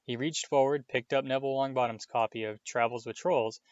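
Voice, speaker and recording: A man reading a novel aloud in a steady storytelling manner, with small slips. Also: mid-range voice, a little fast, dry recording. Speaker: audiobook reader. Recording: dull, dry lo-fi home recording.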